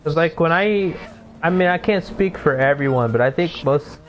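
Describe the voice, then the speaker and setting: A man's voice: fairly high pitch, normal speed, dull audio, slight background noise. Rambling, cursing young man. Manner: rambling, swears often, fillers like "like". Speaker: gaming streamer. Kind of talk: casual chat while playing a game. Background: music.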